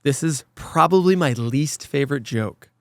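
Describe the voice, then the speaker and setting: Ranting, excitable man hosting a podcast. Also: fairly high pitch, moderate pace, no echo, clean studio sound. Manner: animated, ranting, profane. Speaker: podcast host. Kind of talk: casual chat.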